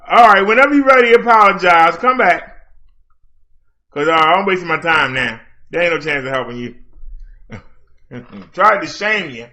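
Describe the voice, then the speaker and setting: A man's voice: on the high side, lively intonation, normal speed, long pauses, bright, forceful tone. A man hosting a late-night livestream, challenging and mocking an absent critic. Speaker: livestream host.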